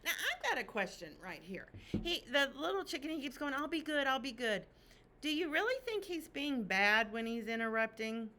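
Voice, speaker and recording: A woman teacher reading a picture book aloud to children, expressive and asking them questions. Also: high voice, moderate pace, hardly any pauses, slight background noise.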